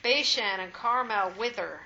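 Bright-voiced woman reading scripture. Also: mid-range voice, unhurried, creaky, highs cut off, slight background noise. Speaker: scripture reader.

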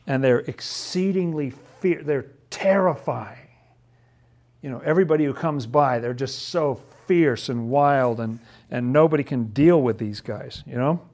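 A man's voice: medium pitch, measured pace, darkish tone. A man leading a casual Bible study, chatty and laughing often, who acts out the figures' lines in playful voices.

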